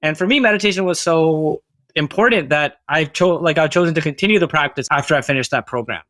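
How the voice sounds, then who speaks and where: Podcast guest, male; slightly high pitch, dry close mic, relaxed reflective chat. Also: quick pace, no echo. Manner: reflective, many fillers like "like" and "you know". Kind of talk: casual conversational interview.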